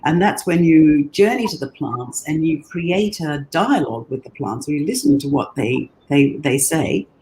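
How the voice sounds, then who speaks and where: An earnest woman guest tells her story in a relaxed interview. She talks haltingly, doubling back on words as she thinks, and her pitch jumps up when she gets excited. A faint hiss sits under her voice. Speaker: guest, brand designer.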